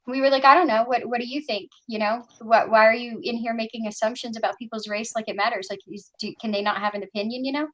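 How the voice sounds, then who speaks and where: High-voiced woman telling a story. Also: quick pace, hardly any pauses. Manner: animated storytelling, quoting others. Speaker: stream panelist. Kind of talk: casual chat.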